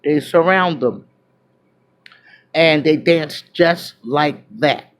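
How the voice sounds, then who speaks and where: A woman vlogger telling a personal story to her viewers, loud one moment and hushed the next, full of fillers and restarts. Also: sits low, very slow, poor audio. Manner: animated, drifts between loud exclamations and hushed asides; chatty, many fillers and restarts.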